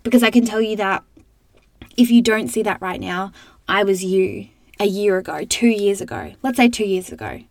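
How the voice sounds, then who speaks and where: A woman's voice: medium pitch, normal speed, darkish tone, no echo, clean studio sound. A young woman hosting a podcast, talking in a chatty, upbeat, motivational way. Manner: chatty and upbeat, full of "like" and "you know". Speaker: podcast host. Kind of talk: casual motivational podcast monologue.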